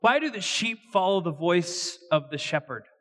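A man's voice: sits high, lively intonation, normal speed, pushed and bright. A man preaching a sermon as pastor, in an earnest, conversational way. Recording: reverberant hall.

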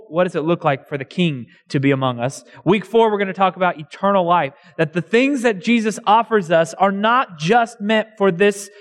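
A young adult male pastor preaching a sermon in a church hall, conversational and joking at his own expense. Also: high voice. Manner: conversational, self-deprecating humor. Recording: long hall reverb.

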